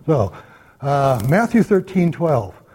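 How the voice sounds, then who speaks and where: A man teaching a church Bible study class in a conversational lecture style, pausing often on "uh" and checking in with his listeners. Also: fairly high pitch, sing-song, a little mellow, husky. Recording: long hall reverb.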